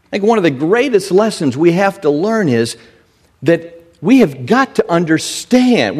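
Slow-preaching man with rising pleas. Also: breathy edge. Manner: slow, deliberate preaching that rises to high, emphatic pleas. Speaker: pastor. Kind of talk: sermon.

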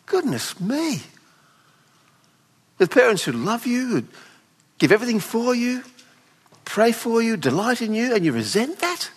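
Expressive male preacher in a reverberant hall. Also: very high-pitched, normal speed, slightly rough. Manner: expressive, voices the father pleading tenderly. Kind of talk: sermon. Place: hall at a weekend away.

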